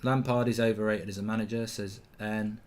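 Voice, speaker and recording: Speaking fairly quickly in a lowish voice, this football watchalong host reacts live to the match and reads out comments from viewers. He's blunt and excitable, with plenty of swearing.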